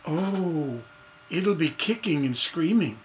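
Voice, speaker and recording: A man teaching songwriting in a casual, animated way, acting out scenes as he talks. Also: fairly high pitch, takes it slowly, slightly rough. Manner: animated storytelling, acts out voices. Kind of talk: casual instructional talk.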